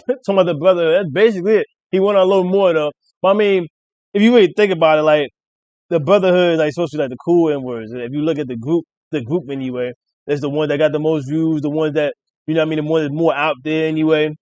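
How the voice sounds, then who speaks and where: A man's voice: fast talker, no room sound, muffled recording. Rambling man recapping rap battle bars. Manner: rambling, excited, quotes bars with rising pitch. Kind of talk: casual recap commentary.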